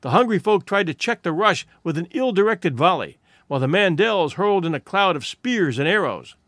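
Guy narrating an audiobook, dramatic, fairly high voice, dry close sound. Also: a little fast, dry recording. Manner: dramatic, expressive.

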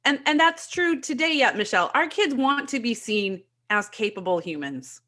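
A woman's voice: on the high side, expressive, moderate pace, bright, forceful tone. A woman hosting a podcast, repeating and stressing her guest's advice to parents. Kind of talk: casual podcast chat.

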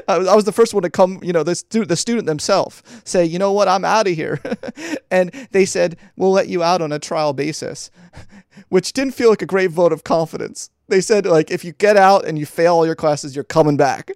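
A man from the Philadelphia area telling stories as a podcast guest, laughing often and jumping up in pitch when he quotes people. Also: a little mellow, no room sound, clean studio sound. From Philadelphia area, United States. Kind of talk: animated storytelling in a podcast interview.

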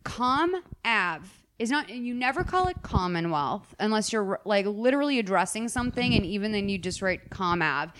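Animated woman from Boston. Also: mid-range voice, moderate pace, hardly any pauses. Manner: animated, profane, acts out quotes. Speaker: podcast host. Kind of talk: casual chat.

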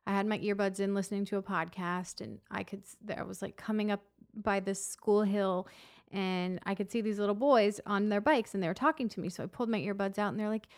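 A woman telling stories in a casual chat, animated and acting out the voices of the people she quotes. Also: a little fast, no room sound, clean studio sound. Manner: animated, acts out quoted voices in a higher pitch.

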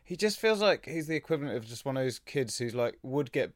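A man's voice: mid-range voice, sing-song, fast, no room sound. A man with an ordinary mid-range voice rambles loosely as a podcast guest, laughing and swearing as he goes. His tone is casual and easy. He is close-miked in a dry space. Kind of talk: casual comedic podcast chat.

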